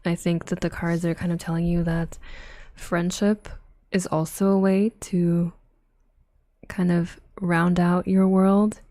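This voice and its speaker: A young woman streaming tarot readings in a soft-spoken ASMR voice, slipping into whispers and giggling with chat, close on the mic. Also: fairly low pitch, no room sound.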